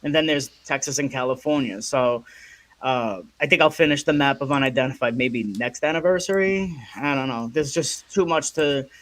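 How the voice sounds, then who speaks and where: A man's voice: medium pitch, moderate pace. A man on a casual advocacy livestream, talking reflectively and hesitantly, often repeating words. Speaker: co-host and guest on an advocacy livestream.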